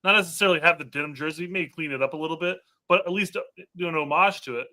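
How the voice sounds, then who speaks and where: Man, bright and crisp tone, slightly high pitch, casual soccer talk, halting with fillers. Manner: halting, filler-heavy, restarts. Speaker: podcast co-host.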